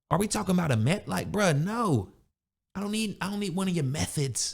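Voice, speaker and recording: A young adult man hosting a podcast, ranting bluntly in street slang with casual, animated delivery. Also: a little high, a little fast, vocal fry. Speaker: podcast host. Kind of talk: casual motivational rant.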